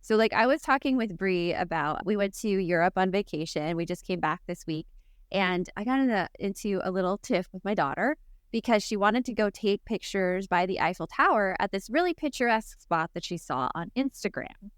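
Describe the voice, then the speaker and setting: A chatty woman hosts a parenting podcast with a smooth, clear voice. Her sound is dry and close, with no room behind it. She laughs easily and acts out quotes as she talks. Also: mid-range voice, animated, moderate pace, no echo. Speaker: podcast host. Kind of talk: casual interview chat.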